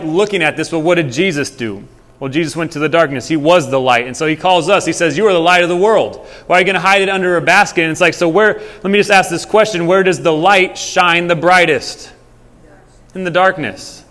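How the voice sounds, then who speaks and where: Brief: young male pastor, a bit high-pitched, chatty storytelling sermon, reverberant hall. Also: fairly bright tone. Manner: conversational, storytelling. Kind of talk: casual sermon. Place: church hall.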